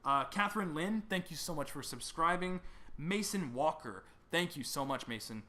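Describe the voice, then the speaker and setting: Young guy chatting casually, bright voice, stumbles over names a lot. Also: on the high side, expressive. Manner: reads names haltingly, stumbling over pronunciations. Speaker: YouTuber thanking subscribers. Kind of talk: casual chat.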